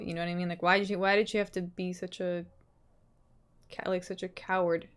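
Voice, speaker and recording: A young adult woman streamer chatting casually with her viewers, reading their comments, laughing often and trailing off softly at the ends of her thoughts. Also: fairly low pitch, fairly even intonation, brisk, clean tone. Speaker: livestreamer.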